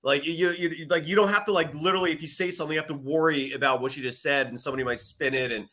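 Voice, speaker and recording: A man on a sports talk panel, talking quickly and stumbling over repeated words. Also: fairly high pitch, steady tone, bright, forceful tone. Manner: rapid, stammering, repeats words. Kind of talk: sports talk show banter.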